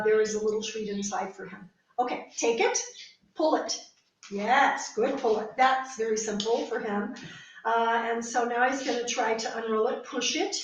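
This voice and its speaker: A woman's voice: on the high side, highs cut off. Distant echoey woman coaxing her dog. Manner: coaxing, repeating short praise and commands to a dog. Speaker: search and rescue dog handler. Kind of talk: training demonstration with running explanation. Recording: very echoey room, mic at a distance, faint noise.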